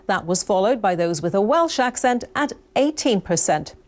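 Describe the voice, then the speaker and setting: A woman presenting the news and interviewing guests in a measured, clear newsreader delivery. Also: mid-range voice, expressive.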